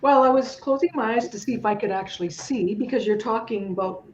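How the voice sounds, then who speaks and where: A woman's voice: a little high, a little fast, darkish tone. A woman working as a medium on a video call, describing an impression thoughtfully and asking probing questions. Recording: dull call audio with background noise.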